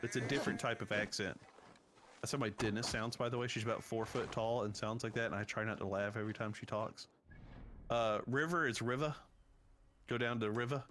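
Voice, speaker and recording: A man's voice: on the low side, a bit bright, a little hiss or hum. Chatty Southern US man, podcast host. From North Carolina, US South. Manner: chatty, laughs often while explaining. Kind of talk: casual chat.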